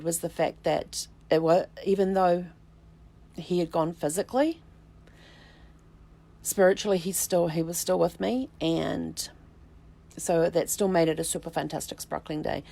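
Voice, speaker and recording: A middle-aged woman hosting her own vlog, telling a personal story in a reflective, unhurried way, with halting restarts and soft "um"s. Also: on the low side, steady tone, gravelly. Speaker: vlog host, family tree researcher.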